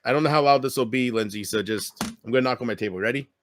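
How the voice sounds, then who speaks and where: A man's voice: mid-range voice, fast, slight background noise. A man chatting casually on his own livestream at home, rambling and self-deprecating as he talks straight to his viewers. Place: home room. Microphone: computer mic with headphones.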